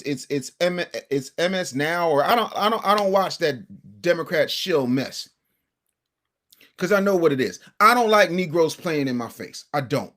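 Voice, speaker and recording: Brief: male livestream host, brash and combative, high voice with a very animated pitch. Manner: brash, combative, talks to the chat. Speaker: host of a commentary show. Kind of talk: casual livestream political commentary.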